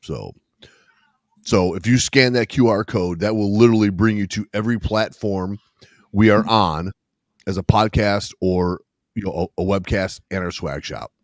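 A man co-hosting a casual podcast, talking in a halting, joking way. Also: on the low side, dry recording, clean studio sound. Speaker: podcast co-host. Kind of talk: casual chat.

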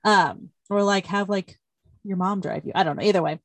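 A woman's voice: medium pitch, moderate pace, no echo. A young woman casually retelling a story to a friend, rambling and full of "like" fillers. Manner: rambling, heavy use of "like" fillers. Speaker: storyteller recapping a plot. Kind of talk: casual chat.

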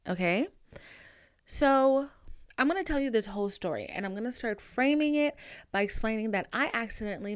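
A young woman hosts a podcast and tells a story from her own life in a brash, profane, dramatic way. Her voice is smooth and clear, with sudden swings in pitch and loudness. The sound is dry and close to the mic. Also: animated, moderate pace, no room sound. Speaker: podcast host. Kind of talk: casual storytelling monologue.

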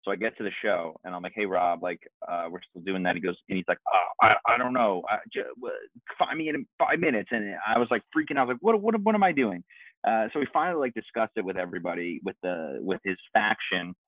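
A man's voice: low-pitched, fast, no echo, narrow, tinny audio. A man co-hosting a podcast, telling a rambling story and acting out what people said to him. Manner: rambling storyteller, acts out quotes. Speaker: podcast co-host. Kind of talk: casual chat.

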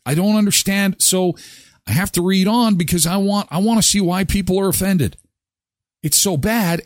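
A man's voice: a little high, dry recording, clean studio sound. A man hosting a daily morning show, ranting and sarcastic as he reacts to news items. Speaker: host. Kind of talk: opinionated morning-show talk.

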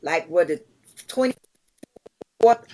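A middle-aged woman, an interview guest telling stories in a lively way, acting out the lines of people she quotes. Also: lowish voice, extremely slow. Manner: animated, acts out quotes, many restarts. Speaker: guest, charity founder. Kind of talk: conversational storytelling.

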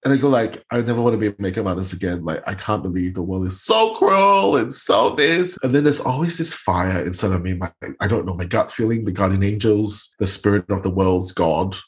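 A man's voice: fairly low pitch, lively intonation, a little fast, few pauses. A man, a makeup artist guest telling stories dramatically and acting out what people said. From Singapore. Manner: dramatic, acts out quotes in voices. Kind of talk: animated storytelling interview.

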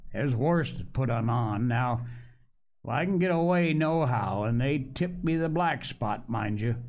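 A man with a medium-pitched voice plays an ailing old sea captain who craves rum. He pleads and curses in a coarse sailor's dialect.

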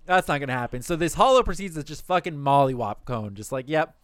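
A young man in casual chat, recapping anime episodes for a podcast with animated, quick storytelling and swearing. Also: a little high, clear, resonant tone, dry recording, clean studio sound.

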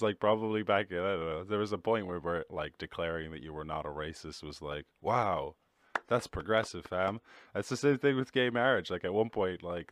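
A young Irish man with a deep, low voice talks through a solo podcast, loose and rambling, swearing freely and poking fun at himself. The sound is dry and close, with no room around it. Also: no echo. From Ireland. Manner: rambling, swearing, self-mocking, quick shifts into mock voices. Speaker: podcast host. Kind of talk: casual solo chat.

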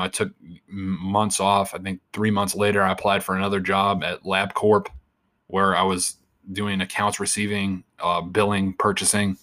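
A man's voice: on the low side, fairly bright tone. Profane, rambling man telling a story. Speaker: interview guest. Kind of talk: casual storytelling.

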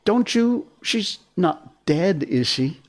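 A man voicing an eager little boy who keeps asking excited questions. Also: sits high, takes it slowly, pitched above the performer's own voice, full character voice.

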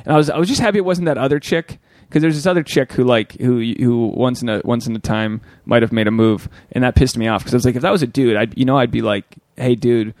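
A man's voice: medium pitch, fast, few pauses, darkish tone, no room sound. A young man co-hosting a casual podcast, rambling and crude as he tells stories and acts out quoted lines. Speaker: podcast co-host.

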